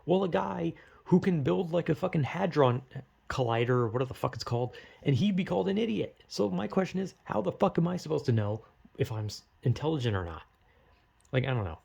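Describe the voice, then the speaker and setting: Gravelly voiced dude rambling at the camera, swears a lot, keeps asking himself stuff. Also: male voice, a little high, animated, fairly quick, darkish tone. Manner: rambling, filler-heavy, frequent swearing; self-deprecating, rhetorical questions. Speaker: vlogger. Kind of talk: rambling casual monologue.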